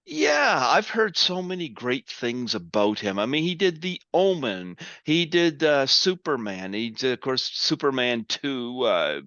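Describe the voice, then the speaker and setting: A man hosts a podcast interview, chatting casually. His voice is smooth and resonant, recorded dry and a little muffled. He rambles like an eager fan, full of ums and uhs. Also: mid-range voice, very animated, a little slow, hardly any pauses, bright, forceful tone, no room sound. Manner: rambling, fan-like, many fillers. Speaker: podcast host.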